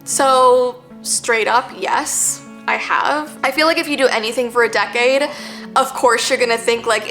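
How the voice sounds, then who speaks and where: A woman's voice: fairly high pitch, unhurried, a bit bright, reverberant, faint music behind. A woman in her thirties answering viewer questions in a candid, chatty vlog, saying "like" a lot. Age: 30s. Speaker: YouTuber. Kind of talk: casual Q&A vlog.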